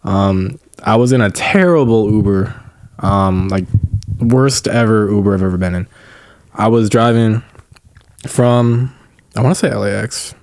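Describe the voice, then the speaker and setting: Young man, podcast co-host, low voice, dry close sound, animated storytelling, casual swearing. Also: measured pace, long pauses, dry recording. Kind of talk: casual chat.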